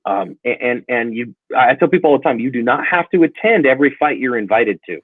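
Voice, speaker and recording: A man's voice: medium pitch, fairly quick, husky, no room sound. A middle-aged man telling stories in a casual interview and acting out the dialogue in them. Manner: animated, acts out dialogue in stories. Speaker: self-defense channel guest. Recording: tinny phone-like line, dry.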